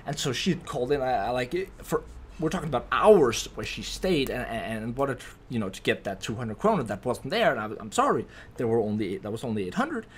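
A man's voice: medium pitch, big pitch swings, fairly quick, slight background noise. A man hosting a casual storytime vlog, rambling through a story with restarts and frequent tag questions. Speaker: YouTube host.

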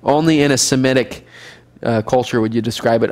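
A man teaching a midweek Bible study in an animated way, chuckling and acting out the characters. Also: mid-range voice, a little fast.

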